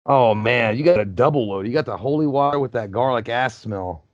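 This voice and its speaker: A man's voice: mid-range voice, brisk, no echo, muffled recording. A man hosting a casual movie commentary, joking and cursing as he riffs on the film.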